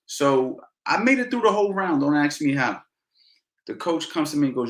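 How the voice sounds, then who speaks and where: A middle-aged man, a boxing coach, telling stories in a casual Q&A, animated and slangy, repeating phrases for emphasis. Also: on the high side, normal speed. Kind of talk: casual Q&A storytelling. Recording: roomy echo.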